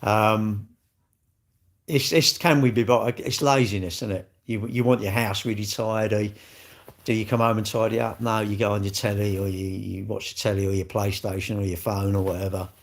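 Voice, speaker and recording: Speaking in a lowish, level voice at normal speed, a middle-aged man hosts a livestream and answers viewers' comments. His chat is blunt and rambling, full of restarts and laughter.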